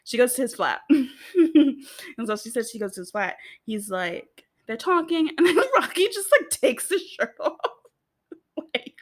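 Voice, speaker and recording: Recapping a TV show as a video host, a young woman from the United States speaks at normal speed in a slightly high, sing-song voice. Her casual chat is full of giggles, fillers, and side comments.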